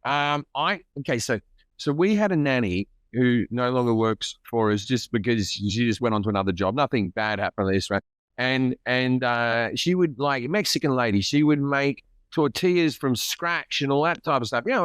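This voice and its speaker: Male comedian guest: smooth tone, slightly high, stammers and restarts, self-mocking, dry close mic. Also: fairly bright tone, no room sound. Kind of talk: casual podcast chat.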